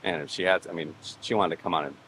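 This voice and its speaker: Guy rambling fast through a story, real low voice, noisy background. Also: fairly even intonation, fairly bright tone. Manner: rambling, acts out quoted voices. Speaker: podcast guest. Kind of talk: casual storytelling chat. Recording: background noise.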